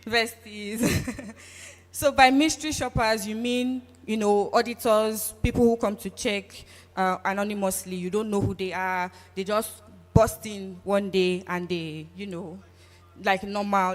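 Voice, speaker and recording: A woman's voice: medium pitch, unhurried. A woman with a Nigerian English accent hosting a live event, chatty and teasing as she talks with the audience. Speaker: event host. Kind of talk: lively audience engagement. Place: event hall. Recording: long hall reverb.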